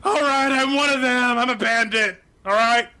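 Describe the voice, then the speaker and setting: A cornered young bandit pleads in a high, whining voice, as a man puts him on at a tabletop game. His tone is bright and strained. He is cocky one moment and frightened the next. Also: moderate pace, heavily acted. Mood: pleading.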